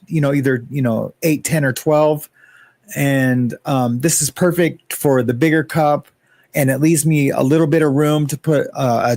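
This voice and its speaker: A man chatting loosely on his own livestream, greeting viewers one by one as he rambles between topics. His voice sits on the higher side, and the sound is dry and close with little room echo. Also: a little mellow. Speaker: livestream host. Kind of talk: casual livestream chat.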